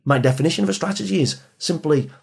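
A man speaking as a motivational speaker to teenagers and parents, emphatic and repetitive, sometimes dropping soft for emphasis. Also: on the high side, quick pace, creaky, breathy edge. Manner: emphatic, repeats phrases, drops soft for emphasis. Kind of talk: motivational podcast talk.

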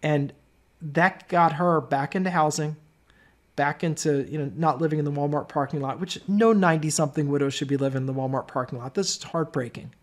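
A man's voice: on the high side, brisk. A middle-aged man hosting a webinar, telling stories in a chatty way with many asides. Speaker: webinar host. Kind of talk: webinar sales talk.

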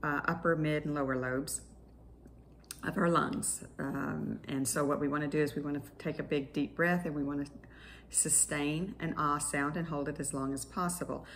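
A woman's voice: deep voice, fairly even intonation, moderate pace, slight background noise. A woman speech-language pathologist leading an online exercise class, explaining each step patiently in clinical terms, with small restarts.

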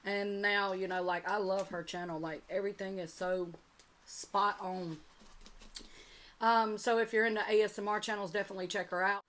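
A woman's voice: mid-range voice, fairly even intonation, moderate pace, fairly bright tone. A woman hosting an eating show, chatting casually and talking straight to her viewers. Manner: chatty, addresses viewers as y'all. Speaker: mukbang channel host.

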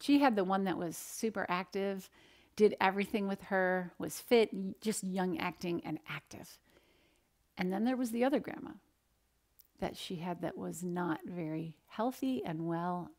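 Woman dietitian presenter, animated teaching delivery, quizzes the audience. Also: lowish voice, measured pace, vocal fry. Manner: animated, asks the audience questions, acts out quoted voices. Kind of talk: energetic nutrition talk with storytelling.

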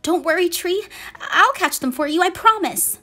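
A woman's voice: on the high side, sing-song, normal speed, soft background music. A woman putting on an earnest young male fox. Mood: pleading. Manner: earnest, worried pleading.

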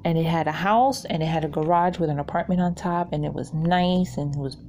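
A woman's voice: sits low, brisk, a little mellow, a little hiss or hum. A woman, hosting a craft channel and telling rambling stories in a casual chat while she works, laughing often. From New York.

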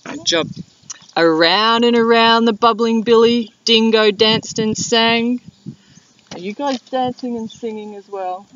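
Slow, clear-speaking Australian teacher outdoors. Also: female voice, a little high. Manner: warm, encouraging, slow and clear. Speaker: primary school teacher. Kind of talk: reading a picture book aloud to young children. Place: outdoor school playground. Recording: dull lo-fi with wind noise outdoors.

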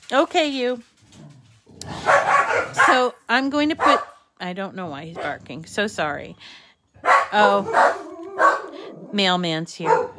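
A middle-aged woman with a slight lisp, hosting a casual craft tutorial in a chatty, self-deprecating way that thinks out loud. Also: medium pitch, heavy background noise. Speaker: crafting channel host.

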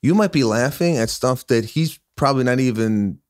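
A man who is a comedian guest on a podcast, chatting casually and often pausing to search for words. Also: mid-range voice, lively intonation, no echo, clean studio sound. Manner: halting, searching for words with many uhs. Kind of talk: casual chat.

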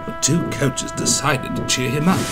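A man's voice: mid-range voice, moderate pace. Man narrating a railway storybook. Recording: music playing behind.

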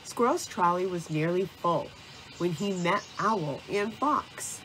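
A woman narrating a children's storybook, reading in a slow, deliberate way. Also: lowish voice, lively intonation, fairly bright tone, slight background noise.

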